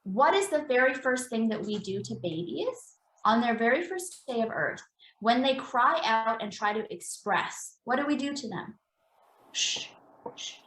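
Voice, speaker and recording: A woman's voice: on the high side, lively intonation, normal speed, a bit bright. Brief: woman guest, embodiment practitioner, earnest explanatory talk, echoey room sound. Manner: earnest, explanatory, repeats phrases for emphasis. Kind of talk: conversational podcast interview.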